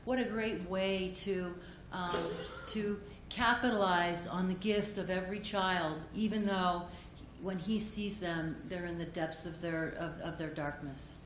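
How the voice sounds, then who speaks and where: Woman giving an earnest acceptance speech at a conference, soft-spoken with restarts, in an echoey room. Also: lowish voice, steady tone. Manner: gentle, halting, many fillers and restarts. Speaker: award acceptor speaking for a doctor. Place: conference hall. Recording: echoey hall, audience noise.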